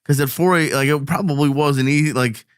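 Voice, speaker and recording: A young man as co-host in a casual chat, talking in halting, "like"-filled bursts and laughing often. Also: fairly high pitch, dry recording, clean studio sound.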